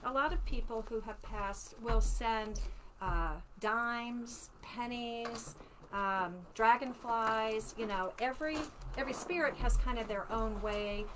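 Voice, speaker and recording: A woman in her sixties, an author chatting casually with viewers on a home livestream, animated and chatty. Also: a little high, takes it slowly, background noise. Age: 60s. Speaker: author hosting a live book launch.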